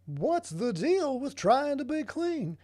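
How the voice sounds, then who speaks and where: A man putting on a mocking, high, whiny impression of a male stand-up comedian. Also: big pitch swings, slow pace, dark tone, heavily acted.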